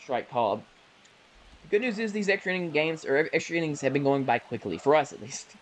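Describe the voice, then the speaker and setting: A man casually calling the plays of a baseball video game he is playing, chatty and self-correcting, with bursts of excitement on big plays. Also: fairly high pitch, fairly quick, a little hiss or hum, poor audio. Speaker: gaming YouTuber. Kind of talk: casual play-by-play while gaming.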